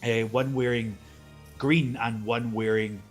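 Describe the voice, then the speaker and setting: Game-master narrator, male, mid pitch, animated with loose asides. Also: slow pace, faint music behind. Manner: lively, laughs often, loose asides.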